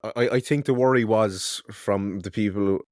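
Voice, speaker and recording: Calm male co-host, Cork accent, very deep voice, dry close recording. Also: dry recording. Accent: Irish, Cork. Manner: calm, measured, steers topics. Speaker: podcast co-host. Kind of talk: casual chat.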